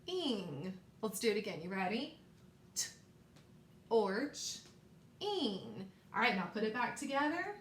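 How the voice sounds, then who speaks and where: A woman teacher leading a recorded phonics lesson for young children, slow and encouraging, repeating sounds for them to echo. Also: on the high side, a bit bright, slight background noise.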